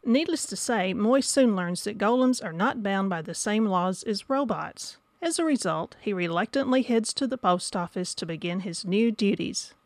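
A woman reading a scripted audiobook review in an even manner. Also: medium pitch, moderate pace, few pauses, no echo. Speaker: book reviewer.

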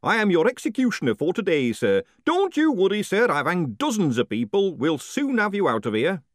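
A man plays a jolly executioner who keeps saying "sir", in a high, bouncy voice that leaps up and down. The audiobook sound is close and dry. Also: wildly swooping pitch, normal speed, no echo. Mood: chirpy. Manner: chirpy, overly courteous. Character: cheerful polite male executioner.

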